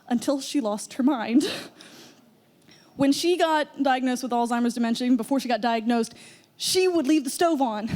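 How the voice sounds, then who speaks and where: A young woman telling a personal story on stage at a live storytelling event, chatty and lively, slipping into voices for her relatives. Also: sits high.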